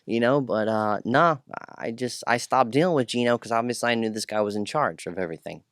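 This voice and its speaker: A man telling his life story in a casual interview, profane and rambling, animated and full of restarts. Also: medium pitch, brisk, dry recording, clean studio sound. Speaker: podcast guest.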